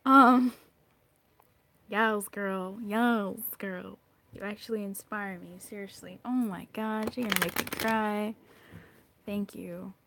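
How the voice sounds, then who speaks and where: A woman's voice: medium pitch, steady tone, slow, fairly bright tone, slight background noise. Bubbly chatty woman reading tarot. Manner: bubbly and talkative. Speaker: tarot reader.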